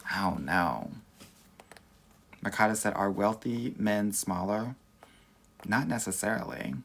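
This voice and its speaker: A man's voice: on the low side, slow pace. A man from Southern California with a Valley accent, a dating coach doing a casual livestream Q&A, sassy and campy, calling everyone "girl.". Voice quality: creaky.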